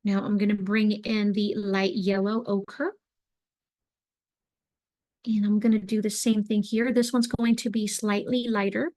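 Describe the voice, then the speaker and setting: A young adult woman teaching an online craft class, talking in a relaxed, chatty way with lots of fillers as she demonstrates. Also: mid-range voice, measured pace. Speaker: craft instructor.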